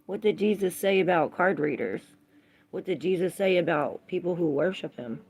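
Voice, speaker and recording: A woman tarot reader in a casual livestream chat, rambling between her thoughts and greeting viewers by name, with a gravelly voice. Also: lowish voice, normal speed, a little mellow, slight background noise.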